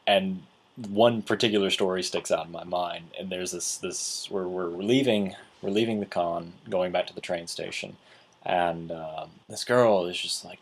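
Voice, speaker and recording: Low husky-voiced man telling stories. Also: fairly even intonation, moderate pace. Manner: rambling, with many restarts and acted quotes. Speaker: vlogger recapping a convention. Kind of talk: casual storytelling.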